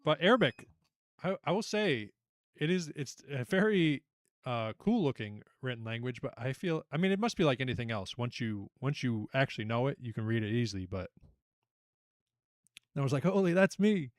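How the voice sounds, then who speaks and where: A young man hosting a casual online trivia night, chatty and animated as he reads out questions and reacts to the players. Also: mid-range voice, normal speed, dry recording, studio quality. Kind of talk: casual livestream quiz hosting.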